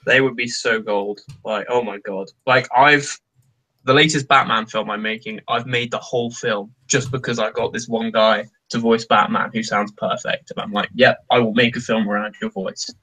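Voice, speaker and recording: A man in a casual podcast chat, telling animated stories. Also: medium pitch, normal speed, poor audio.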